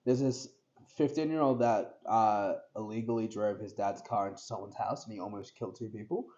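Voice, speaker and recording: Picture a young Australian man in a casual podcast chat, his voice sitting fairly low and his talk loose and rambling, full of fillers and swearing. The audio is dull and lo-fi, with a muffled podcast sound. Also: fairly even intonation, fairly quick, dark tone. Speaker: podcast co-host.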